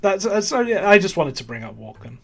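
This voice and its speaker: A man co-hosts a casual film podcast, reviewing movies while rambling and giggling, with laughs between his remarks. His high voice is gravelly with a breathy edge, swings widely in pitch, and moves a little fast.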